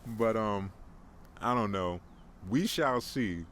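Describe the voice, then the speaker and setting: A young man hosts a casual solo podcast, rambling, joking and mocking himself while restarting often. His voice is lowish and fairly bright, his pace slow, with faint background noise.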